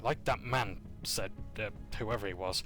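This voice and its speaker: A man's voice: lowish voice, unhurried, over music, close to an everyday voice. A man voicing an earnest male advisor who pleads for diplomacy in a tabletop game. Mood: pleading. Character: urgent, earnest male ally pleading for peace.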